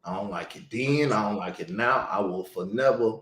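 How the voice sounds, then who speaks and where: A man's voice: on the low side, normal speed, crowd noise. Blunt, heated man in an echoey room. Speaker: show host. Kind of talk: heated casual talk.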